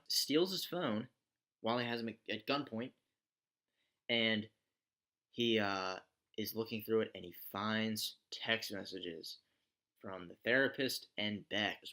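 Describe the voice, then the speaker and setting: Man, low-ish voice, bright and forceful, rambling sarcastic show recap. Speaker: TV show reviewer. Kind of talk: casual plot recap.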